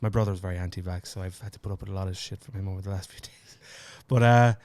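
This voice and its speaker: An Irish man co-hosting a podcast, chatting casually, swearing freely and telling stories with lively put-on voices. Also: low-pitched, fast talker, no echo. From Ireland. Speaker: podcast co-host. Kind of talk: casual chat.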